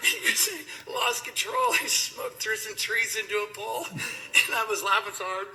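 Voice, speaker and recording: A man's voice: sits high, moderate pace, pushed and bright, low-quality recording. A middle-aged man giving a rambling, emotional funeral eulogy, laughing through his stories about a friend. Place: funeral gathering indoors.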